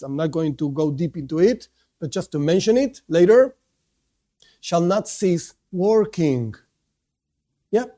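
A man teaching a religious class, asking and answering his own questions in a lively way. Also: on the high side. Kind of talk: religious lesson.

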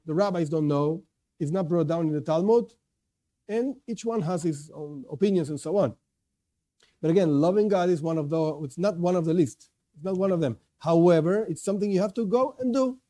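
Male lecturer, religious class, earnest and emphatic, voice pitched somewhat high. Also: moderate pace, dark tone. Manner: earnest, stresses key words, repeats and restarts. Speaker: Torah teacher.

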